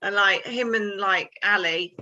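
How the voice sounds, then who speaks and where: A woman's voice: mid-range voice, unhurried, pushed and bright, highs cut off. A woman co-hosting a film podcast, retelling scenes in a chatty, giggly way. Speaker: podcast co-host. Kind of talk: casual film chat.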